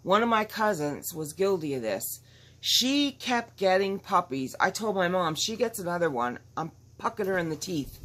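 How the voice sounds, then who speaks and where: A woman's voice: on the low side, big pitch swings, moderate pace, fairly bright tone. A woman vlogging at home in casual chat, talking in an emphatic, rambling and outspoken way. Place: at home with dogs nearby.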